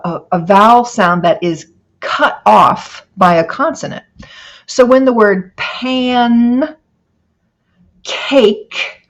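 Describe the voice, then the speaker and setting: A middle-aged woman teacher giving a recorded phonics lecture, slowly stretching out example words. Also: mid-range voice, muffled recording.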